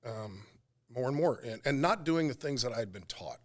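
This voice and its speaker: A middle-aged radio talk show co-host tells a personal story during a podcast interview, his medium-pitched voice expressive. He speaks haltingly and with emotion, pausing often.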